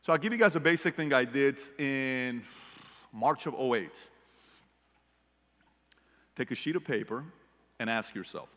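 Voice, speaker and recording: Keynote speaker, male, Middle Eastern background, bright punchy voice, storyteller energy, reverberant hall. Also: medium pitch, measured pace, long pauses. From Middle East. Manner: animated storyteller, shifts from hushed to shouting. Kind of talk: motivational keynote speech. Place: large hall with audience.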